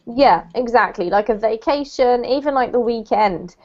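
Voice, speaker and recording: Woman, online english teacher, patient explainer, higher voice, dull lo-fi sound. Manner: patient, explains slowly, corrects pronunciation. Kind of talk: live online class.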